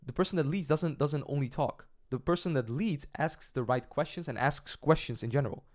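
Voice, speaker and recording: A man's voice: on the high side, fairly quick. A young adult man teaching cold-calling as a sales coach, direct in manner, often checking in with "right?" and acting out sample calls. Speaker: agency coach. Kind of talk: sales training lesson.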